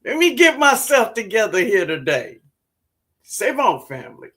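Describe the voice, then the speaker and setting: A woman's voice: on the high side, normal speed. A woman hosting a casual livestream, greeting viewers by name and reading their comments aloud, with affectionate pet names and frequent laughter. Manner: affectionate, calls viewers baby and sweetheart; excitable and laughing. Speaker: livestream host, gardener.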